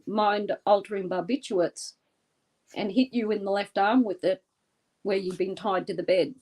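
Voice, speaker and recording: An Australian woman appearing as an interview guest guides listeners through a visualization. Her storytelling is intense, deliberate and vivid. Her voice is warm and medium in pitch.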